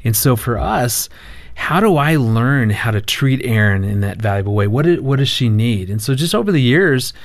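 A man appearing as a guest on a talk show about marriage and telling a family anecdote in an animated way, laughing often and acting out what he said. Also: medium pitch, normal speed, no room sound. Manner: animated storyteller, laughs often, quotes himself.

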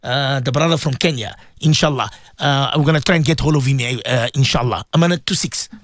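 A man's voice: medium pitch, fairly quick, no room sound, clean studio sound. A man hosting a devotional radio show, pleading and impassioned, often repeating his words. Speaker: radio host and cleric. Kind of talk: emotional radio devotional talk.

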